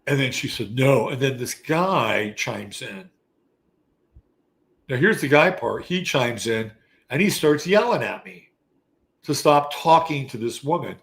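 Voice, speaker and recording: Man in his sixties, gravelly voice, casual storytelling, animated and salty, mid-pitched. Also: measured pace. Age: 60s. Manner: animated, profane, conversational. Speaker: astrology show host. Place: Texas.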